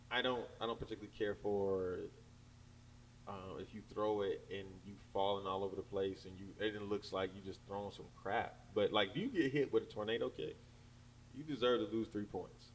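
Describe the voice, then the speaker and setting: A man telling a story in casual chat. He talks in an animated way, laughs a lot and breaks into loud acted shouts. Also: on the low side, moderate pace. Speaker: podcast co-host. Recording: distant mic with background noise.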